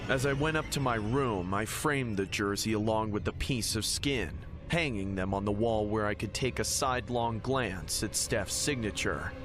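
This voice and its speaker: A man narrating a first-person horror story in an even, dramatic storytelling manner. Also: lowish voice, normal speed, few pauses. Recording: loud music underneath.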